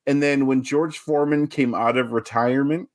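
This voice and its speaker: A man's voice: mid-range voice, normal speed. Opinionated male podcast co-host. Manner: animated, opinionated, piles on examples. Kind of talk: casual movie chat.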